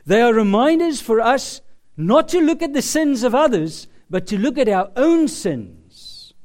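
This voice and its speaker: Man preaching a sermon, high voice, very lively pitch, emphatic, slow with dramatic pauses.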